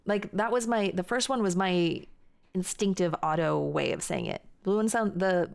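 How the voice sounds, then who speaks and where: An American woman streaming from home, chatting casually with her chat in a rambling way, with quick laughs and frequent restarts. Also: mid-range voice, vocal fry.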